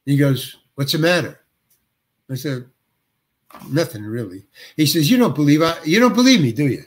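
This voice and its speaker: An older male actor, a guest, telling a long anecdote and acting out the other people's dialogue with lively shifts of voice. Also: fairly high pitch, normal speed. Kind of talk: storytelling anecdote.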